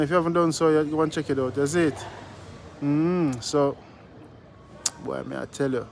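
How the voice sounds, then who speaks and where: A man with a Jamaican accent and a voice on the high side hosts a casual outdoor vlog, greeting passersby as he goes. He's laid-back but preachy and keeps tagging his sentences with "you see me," with slight background noise in the recording.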